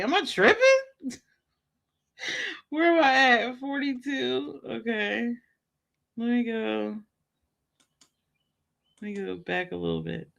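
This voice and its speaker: A woman hosting a livestream, talking straight to her viewer with rhetorical, drawn-out commentary. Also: a little high, creaky, a bit bright. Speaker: livestream host.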